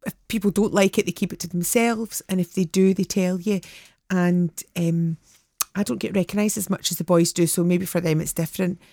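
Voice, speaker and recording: A Scottish woman around fifty, a guest telling lively stories in casual chat and laughing often. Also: on the low side, fairly quick, dry recording, clean studio sound.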